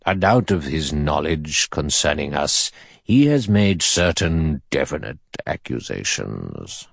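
A man voicing an elderly male judge in an audiobook, cold, precise and measured in delivery. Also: a bass voice, very animated, gravelly, husky, dry recording, studio quality, heavily acted. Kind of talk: audiobook character reading.

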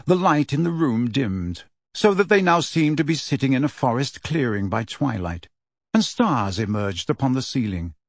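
A man reading a story aloud as narrator, in steady storytelling that gives each character a voice. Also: mid-range voice, dry recording, studio quality. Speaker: audiobook narrator. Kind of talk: scripted narration.

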